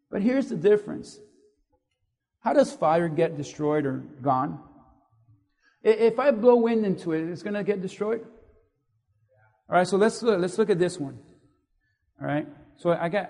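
A man preaching a sermon to a congregation, animated and asking the audience questions. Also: sits high, creaky. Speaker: pastor. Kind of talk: sermon with audience call-and-response. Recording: echoey hall reverb.

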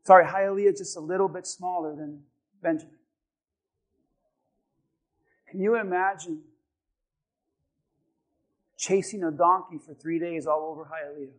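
A man preaching a sermon as pastor, telling a story calmly and then building to shouted exhortation. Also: fairly high pitch, normal speed, long pauses.

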